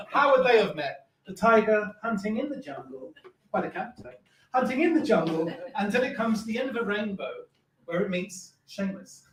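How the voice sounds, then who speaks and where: A man's voice: high-pitched, lively intonation, moderate pace, fairly bright tone. A man doing a camp, self-mocking stand-up set in a live comedy club. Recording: echoey club, distant mic, crowd laughter.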